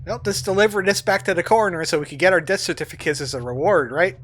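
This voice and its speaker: A man's voice: high voice, fast talker, fairly bright tone. A man casually commentating a video game he is playing, chatty and jokey, often reading the game's text aloud. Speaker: let's play host. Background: game music.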